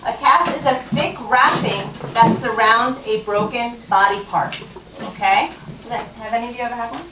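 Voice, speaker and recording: A woman's voice: fairly high pitch, moderate pace, distant mic. A woman teaching first graders to read, patient and coaxing, often checking in with the class. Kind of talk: classroom reading lesson. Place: elementary school classroom. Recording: roomy classroom recorded from afar, noisy.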